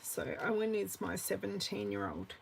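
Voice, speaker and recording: A woman in her forties with an Australian accent, chatting through a live card-making class, answering viewers by name and muttering softly to herself as she works. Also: mid-range voice, very animated, normal speed, gravelly, slight background noise, rough recording. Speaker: craft demonstrator.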